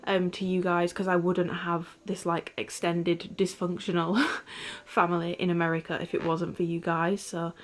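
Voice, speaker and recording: A woman's voice: fairly low pitch, flat delivery, normal speed. A young woman in a candid vlog monologue, rambling with lots of "like" and frequent swearing. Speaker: vlogger.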